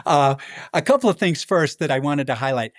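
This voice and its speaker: A man who is a guest on a podcast, explaining his ideas in a measured way with many fillers. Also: a little high, expressive, no room sound. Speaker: podcast guest, business consultant. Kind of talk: casual podcast conversation.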